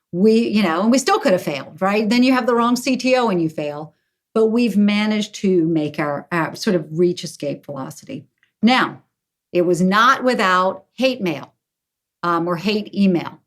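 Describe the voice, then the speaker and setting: A middle-aged woman guest talking in an emphatic, storytelling way in an interview. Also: lowish voice. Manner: emphatic, storytelling with acted quotes. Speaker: guest, company CEO. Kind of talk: interview conversation.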